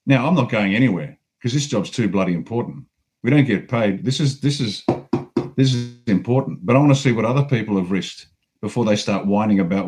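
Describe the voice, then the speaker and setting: A man's voice: mid-range voice, a little fast, darkish tone. A man with an Australian accent, a guest on a talk show, delivering an angry, profane political rant with heavy emphasis.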